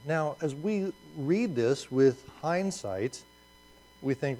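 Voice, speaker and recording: A man preaching a conversational sermon with slides, animated and restarting phrases as he goes. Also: mid-range voice, moderate pace, rough recording. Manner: animated, repeats words as he restarts. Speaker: pastor.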